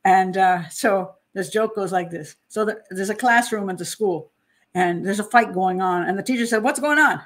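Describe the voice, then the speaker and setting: A woman in her sixties from New Jersey hosts her own channel as a criminal profiler. She talks casually and self-deprecatingly about a case in a voice of ordinary pitch. She often restarts her sentences. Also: moderate pace. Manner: chatty, self-deprecating, with frequent laughs and restarts. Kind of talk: casual monologue on a true-crime case.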